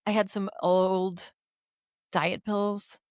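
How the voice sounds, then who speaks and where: A woman's voice: medium pitch, little pitch movement, extremely slow, a little mellow, smooth, no room sound. A woman co-hosting a podcast, telling a story in casual chat, acting out the dialogue, swearing and laughing often. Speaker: podcast co-host.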